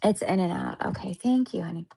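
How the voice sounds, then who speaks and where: A woman's voice: fairly low pitch, brisk, vocal fry, warm tone, slightly rough. A woman chats her way through a spiritual healing livestream. She rambles, restarts her sentences and leans on fillers, and she keeps calling her viewers honey and my love. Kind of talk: casual livestream chat to viewers.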